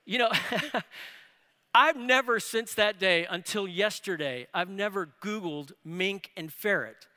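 A man preaching a sermon, telling a family story with rising excitement. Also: sits high, slow. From New Orleans area. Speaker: pastor. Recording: reverberant hall.

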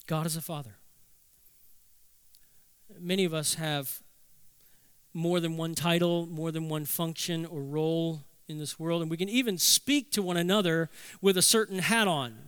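Middle-aged guy preaching a sermon, smooth resonant voice, tells stories, asks the room questions. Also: on the high side, a bit bright. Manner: storytelling, emphatic rhetorical questions. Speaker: pastor.

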